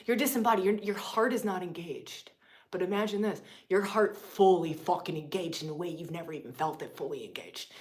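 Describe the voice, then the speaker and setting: A woman leading a spiritual teaching session live, swinging from loud, emphatic, profane lines to hushed whispers and repeating phrases for effect. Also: medium pitch, moderate pace. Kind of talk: impassioned spiritual teaching on a livestream.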